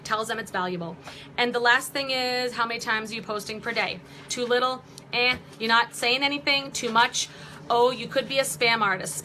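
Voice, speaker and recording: Bright-voiced upbeat woman vlogger. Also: on the high side, a little hiss or hum, rough recording. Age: 40s. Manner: upbeat, chatty, jokey asides. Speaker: vlog host and online marketing coach. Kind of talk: casual live-stream tips talk.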